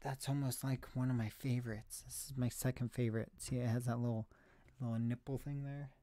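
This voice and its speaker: A man's voice: medium pitch, flat delivery, brisk, mellow, dry recording. A man chatting on a live stream about thrift finds, rambling and self-deprecating, sounding slightly out of breath. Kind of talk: casual live stream chat.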